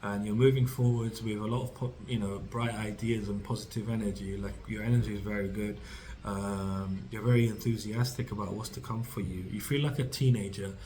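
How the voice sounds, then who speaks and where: A man's voice: on the low side, steady tone, fairly quick, mellow, a little hiss or hum, rough recording. A man giving a tarot reading to camera, rambling and reassuring, speaking straight to the listener with many fillers and restarts. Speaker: tarot reader.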